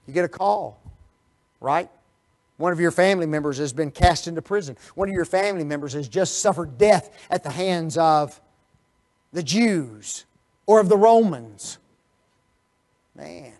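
A man preaching a Bible study sermon, firing rhetorical questions at his listeners and swinging from quiet asides to loud, emphatic bursts. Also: on the high side, a little slow, pauses often. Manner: animated, rhetorical questions to the audience.

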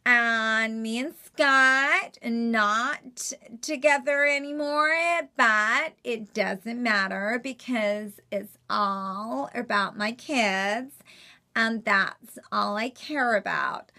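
A young American woman who gushes in long, slowly drawn-out sentences. Everything is over the top, as a bright-voiced woman impersonates her. It comes through as a knowing comic impression. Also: fairly high pitch, exaggerated voice. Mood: gushing.

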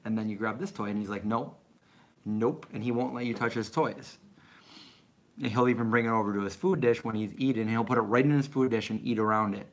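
A man's voice: lowish voice, steady tone, fast. Chatty man answering live chat. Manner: rambling, chatty, answers viewer questions. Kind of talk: casual live-stream chat.

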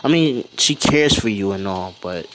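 A man voicing a forward young woman who speaks in a soft, confiding way. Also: fairly low pitch, lively intonation, moderate pace, slight background noise, poor audio.

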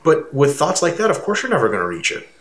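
A man co-hosting a casual fitness talk, speaking emphatically and building his voice up high when he makes a point. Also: fast talker. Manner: animated, emphatic, swings to rising pitch when making a point. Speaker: fitness coach and co-host. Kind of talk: casual conversation. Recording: roomy echo.

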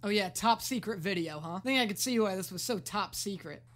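In a brisk, medium-pitched voice, a woman delivers sarcastic, casual reactions as host of a reaction video. She curses freely and frequently shouts at the screen.

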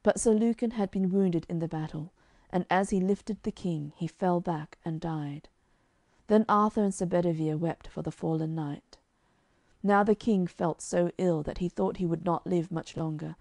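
Woman audiobook narrator, lowish mellow voice, calm measured storybook read. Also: dry recording, studio quality.

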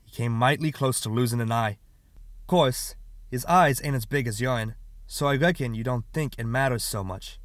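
A man's voice: mid-range voice, moderate pace, dry recording, natural voice. A man doing a stern, scolding father. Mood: accusing. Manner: scolding, harsh questioning. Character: stern, angry father, middle-aged man.

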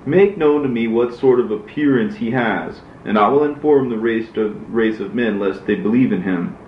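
A man voicing a grieving male prophet who pleads with God, in a measured, solemn reading. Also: medium pitch, slight background noise, natural voice. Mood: pleading. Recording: roomy, dull lo-fi recording.

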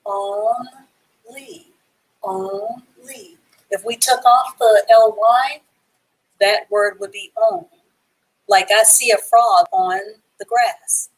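A woman's voice: mid-range voice, fairly even intonation, takes it slowly, low-quality recording. A woman teaching a live online reading class, sounding out and spelling words letter by letter.

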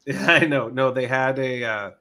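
A man co-hosting a podcast in casual chat, animated, swearing freely and laughing often. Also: mid-range voice, normal speed, creaky. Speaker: podcast co-host.

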